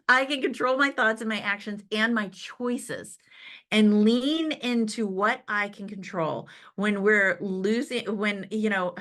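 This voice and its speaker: A woman's voice: fairly high pitch, fairly bright tone. A woman giving an upbeat motivational talk to a sales team, chatting casually and often checking in with "right?". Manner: conversational and upbeat, with frequent "right?" asides and laughs; acts out remembered conversations.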